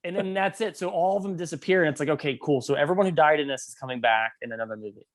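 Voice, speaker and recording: A man's voice: on the high side, rapid-fire, no room sound. A man co-hosting a casual film review podcast, rambling with joking asides. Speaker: podcast co-host.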